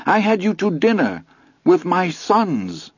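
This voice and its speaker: A man's voice: fairly low pitch, very animated, unhurried, a little mellow, breathy edge, no echo, muffled recording, heavily acted. Man reading as a bitter, contemptuous woman boss. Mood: bitter contempt. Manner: clipped, contemptuous. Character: bitter indignant middle-aged woman supervisor.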